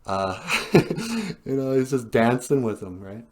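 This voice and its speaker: A man's voice: mid-range voice, very animated, takes it slowly, a little hiss or hum. Chatty comic storyteller, a man. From Ojibwe community, North America. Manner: loose, chatty, laughing asides. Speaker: storyteller, host.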